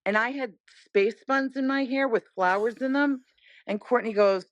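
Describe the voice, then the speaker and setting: A middle-aged woman telling a story as a podcast guest in casual chat, animated and acting out the voices she quotes. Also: a little high, moderate pace, no room sound, highs cut off.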